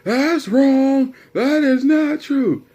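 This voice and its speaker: A man imitating his stern, agitated religious father who lectures insistently and rises to yelling. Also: medium pitch, expressive, normal speed, voice pushed up, close to an everyday voice.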